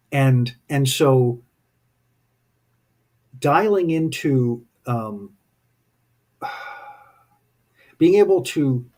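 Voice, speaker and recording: Man, spiritual teacher, husky voice, mid-pitched, reflective anecdotal talk. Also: darkish tone. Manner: thoughtful, anecdotal storytelling.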